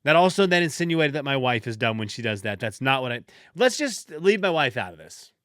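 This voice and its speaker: Rambling self-mocking man, bright voice. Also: medium pitch, very animated, brisk, no room sound, studio quality. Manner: rambling, self-deprecating storytelling with frequent restarts. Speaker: podcast host. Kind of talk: casual solo podcast monologue.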